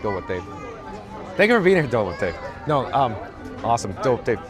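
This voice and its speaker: A man with a mid-range voice talks fast, his pitch swinging widely, as music and crowd noise fill the background. He's a channel host live-streaming outdoors along a theme park parade route on a handheld phone, rambling from tangent to tangent and reading out viewer comments.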